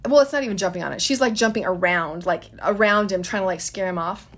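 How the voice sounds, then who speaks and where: A woman's voice: mid-range voice, quick pace. A woman in her thirties telling a story in a casual, chatty way, addressing listeners as guys.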